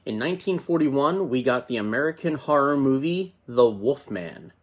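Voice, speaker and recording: A man's voice: mid-range voice, animated, normal speed. Enthusiastic man hosting a movie review. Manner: enthusiastic, conversational. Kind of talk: casual chatty film review.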